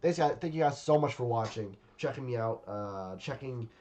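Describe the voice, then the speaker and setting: A man's voice: medium pitch, lively intonation, normal speed, mellow. A man reacting to a game trailer in casual commentary, rambling and hesitant with lots of fillers and repeated words, recorded at a home webcam setup.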